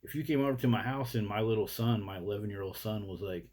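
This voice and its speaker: A man's voice: lowish voice, fast, few pauses, darkish tone. A man delivering a blunt, indignant, profanity-laced rant to camera as a vlogger. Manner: blunt, indignant, heavy swearing.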